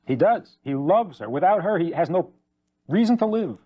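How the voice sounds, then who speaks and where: A man giving a rabbi's lecture on faith, animated and emphatic, repeating key points. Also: high voice, normal speed, lo-fi sound. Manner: animated, acts out anecdotes with shifting voices; emphatic repetition.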